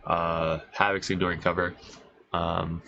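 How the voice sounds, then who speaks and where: A man with a congested voice, casually reading out and reacting to game rules as a host, excited and swearing, thinking aloud. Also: low-pitched, a little slow, vocal fry, muffled recording, a little hiss or hum. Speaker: wargaming video host reviewing rules.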